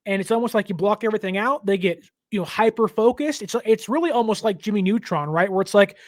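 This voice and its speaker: A man hosting a team show, giving a casual, jokey, animated breakdown of a football game. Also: sits high, fast talker, no room sound, studio quality. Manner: animated, jokey, lots of fillers. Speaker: team podcast host.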